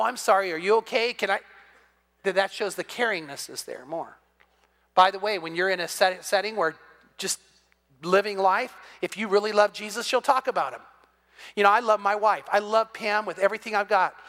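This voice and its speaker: Older man, pastor, sermon, bright forceful voice, acts out dialogue, long church reverb. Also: sits high. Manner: animated, acts out dialogue in quotes, repeats words when restarting. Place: church sanctuary.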